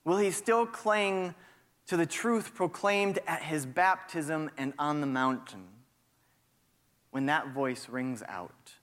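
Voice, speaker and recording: A man's voice: on the high side, slow, a bit bright, in a large hall. A male pastor preaching a reflective sermon in a church sanctuary and posing rhetorical questions to his listeners.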